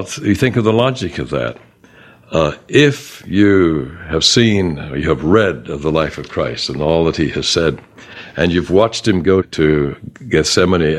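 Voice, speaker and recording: A man preaching a sermon in a conversational way, quoting scripture and voicing God's words gently, then rising sharply for emphasis. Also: deep voice.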